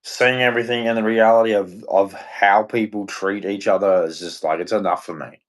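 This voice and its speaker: A man's voice: on the low side, fairly even intonation, moderate pace. A man hosting a livestream, ranting in a rambling, frustrated and heartfelt way. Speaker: livestream host. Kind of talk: casual ranting monologue.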